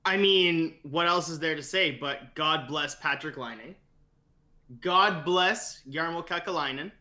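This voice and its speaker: A man's voice: fairly high pitch, a little slow, sharp tone. A man co-hosting a podcast from home over a remote call, trading joking, self-deprecating banter in casual chat. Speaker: podcast co-host.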